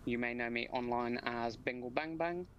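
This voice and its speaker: A man introducing himself as a content creator and player on a tabletop game podcast, in a measured way. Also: medium pitch, a bit bright, lo-fi sound, a little hiss or hum.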